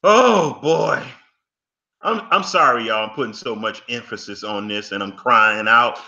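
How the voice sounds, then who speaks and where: A man's voice: mid-range voice, sharp tone, lo-fi sound. A man giving fervent commentary, preachy and emphatic, scolding and pleading with his audience in folksy phrases. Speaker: commentator reacting to an interview clip.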